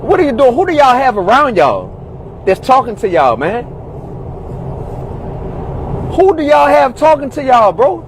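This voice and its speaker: A man's voice: very high-pitched, big pitch swings, a little slow, pauses often, slight background noise, rough recording. A man delivering a heated, exasperated rant from a car, repeating the same exclamations again and again. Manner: exasperated, repeats "God, dog, bro". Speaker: commentator in a social media video.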